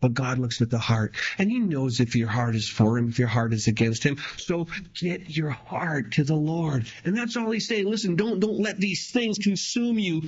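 A man preaching with fervor, his somewhat high voice climbing for emphasis and then dropping low again. He moves between reading verses and paraphrasing them in a lively, plain-spoken way. The recording sounds muffled and lo-fi. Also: normal speed, hardly any pauses, breathy edge. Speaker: pastor. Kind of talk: sermon.

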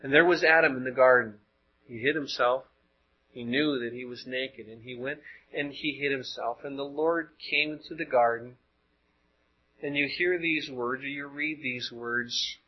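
Male preacher, husky voice, conversational sermon full of rhetorical questions; muffled lo-fi recording. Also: on the high side, normal speed. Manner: conversational, rhetorical questions, frequent word repeats.

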